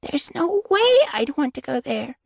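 A man's voice: extremely high pitch, sing-song, a little slow, creaky, no room sound, studio quality, voice pushed up, heavily acted. A man voicing a young female cat apprentice in an audiobook, pleading and emotional. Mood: anxious. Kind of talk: audiobook character voice.

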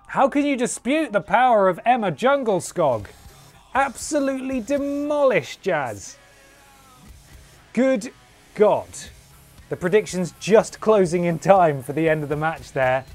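A man's voice: sits high, big pitch swings, a little slow, soft background music. Playful man doing mock wrestling commentary. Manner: playful, jokey, breaks into humming and sound effects. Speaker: streamer playing a wrestling game.

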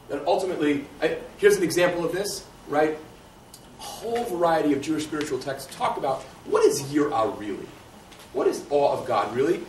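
A man giving a lecture and answering audience questions, thinking aloud in a conversational way and often checking in with "right?". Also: fairly high pitch. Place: lecture room. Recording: echoey room, distant mic, faint hiss.

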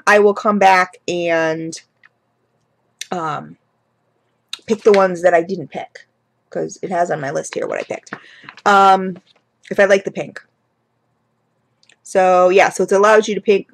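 Chatty woman rambling through a haul. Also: medium pitch. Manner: chatty, rambling, many fillers and restarts. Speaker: vlogger reviewing candle products. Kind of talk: casual haul review.

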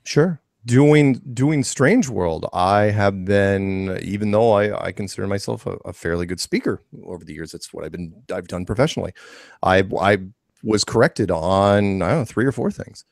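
Deep gravelly man, rambling casually. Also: normal speed, no room sound, studio quality. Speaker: podcast co-host. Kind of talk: casual chat.

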